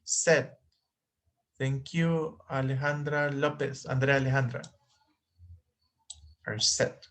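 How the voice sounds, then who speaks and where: A man's voice: mid-range voice, fairly even intonation, slow, long pauses, a bit bright. A man teaching an online English class, patiently repeating words for his students.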